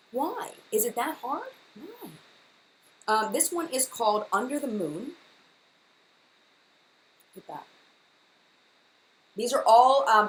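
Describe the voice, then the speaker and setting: A woman's voice: a little high, slight background noise, low-quality recording. A woman hosting a casual live-stream makeup chat, gushing and enthusiastic, often repeating herself. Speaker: beauty vlogger, live chat host.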